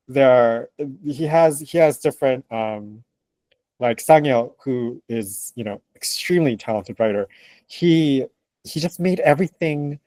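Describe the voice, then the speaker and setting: A man who translates books, chatting as a guest in an interview, animated and laughing often with lots of fillers. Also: mid-range voice, no room sound. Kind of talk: casual interview conversation.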